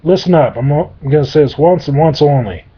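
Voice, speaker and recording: A profane, dismissive male demon barking orders in a voice pushed a little higher and louder than the teller's own, as a man puts him on. He wants done with the whole business. The sound is dull and lo-fi. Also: quick pace, a little hiss or hum, lightly acted. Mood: gruff impatient. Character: crude impatient male demon advisor. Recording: dull lo-fi recording.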